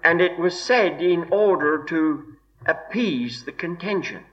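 A man preaching an expository sermon in a slow, measured way, weighing each word with deliberate emphasis. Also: a little high, animated, fairly bright tone. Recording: dull lo-fi recording.

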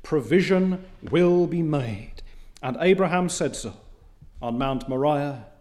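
A man preaching a sermon, reading scripture in old biblical wording, with emphatic rises and quiet drops. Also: fairly high pitch, animated, slow pace.

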